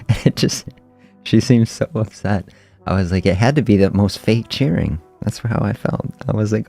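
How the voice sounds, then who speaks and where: A middle-aged man hosting a fasting health podcast, telling a story in a relaxed, reflective way and chuckling often during a casual livestream. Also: lowish voice, creaky, faint music behind.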